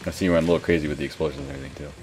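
A young man giving live gameplay commentary, excitable, swearing and yelping at crashes. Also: very deep voice, very fast, breathy edge, soft background music. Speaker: gaming commentator.

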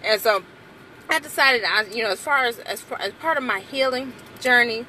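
A young adult woman vlogging from inside a car, chatting casually and playfully with her viewers, breaking into high exclamations. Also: moderate pace, bright, forceful tone, a little hiss or hum.

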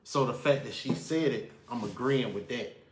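A man, a guest on a casual live-stream chat, laying out his opinions in a measured, down-to-earth way. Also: mid-range voice. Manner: measured, explains his view with everyday examples. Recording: echoey room.

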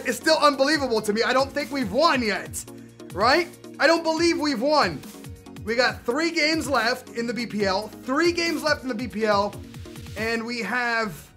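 Excitable high-voiced young man gaming. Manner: excitable, yells at the game, then rambles casually. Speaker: gaming YouTuber. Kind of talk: live gameplay commentary.

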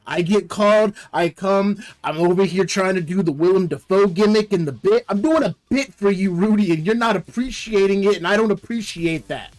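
A man's voice: sits high, moderate pace, few pauses, darkish tone, pitched above the performer's own voice, lightly acted. A man playing a brash, sleazy stand-in hero who rambles and blusters defensively. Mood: indignant. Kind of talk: tabletop role-play in character.

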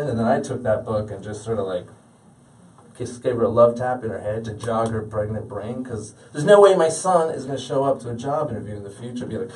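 A man's voice: mid-range voice, fairly quick, darkish tone. A man in his late thirties doing a stand-up comedy set, self-deprecating and punchy. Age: 30s. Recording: stage audio from a distant mic.

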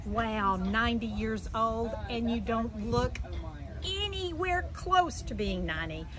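A woman's voice: fairly high pitch, lively intonation, takes it slowly, crowd noise. A woman recording an effusive birthday message for a friend. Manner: warm, effusive. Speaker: friend giving birthday wishes.

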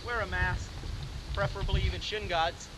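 A man, a pitching coach, lecturing young players at a camp, checking in with "okay?" and calling them "guys". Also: fairly even intonation, moderate pace. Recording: loud hiss on an old 1980s lecture tape.

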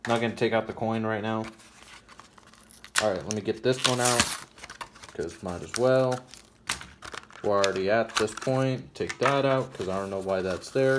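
A man casually chatting to camera as he opens trading card packs, reading card names aloud and jumping to excited high squeals over good pulls. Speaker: card-opening channel host. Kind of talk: casual card-opening commentary.

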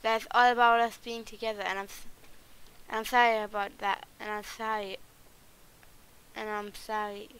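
A woman reading the part of an excitable male talking donkey in a halting read-through, repeating and restarting lines. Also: medium pitch, clean tone, natural voice, rough recording. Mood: apologetic.

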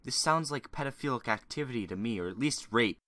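A man's voice: medium pitch, expressive, quick pace, bright, forceful tone. A man giving sarcastic, crude reaction commentary with mocking, rambling asides. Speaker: YouTube commentator.

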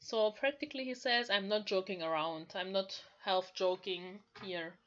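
A woman's voice: medium pitch, steady tone, fairly bright tone, highs cut off. A woman, carefully explaining Japanese lines from a manga as a language learner, often saying "like". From Germany. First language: German. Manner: slow, careful explaining with frequent "like".

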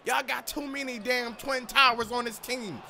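A young man giving hyped gameplay commentary as a gaming YouTuber, loud and full of trash talk. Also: very high-pitched, steady tone, moderate pace, vocal fry, slight background noise. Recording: game music behind.

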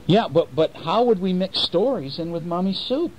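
A father reading a bedtime storybook to his children at home, chatting gently and coaxing them with questions. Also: high-pitched, animated, moderate pace, dull audio, slight background noise.

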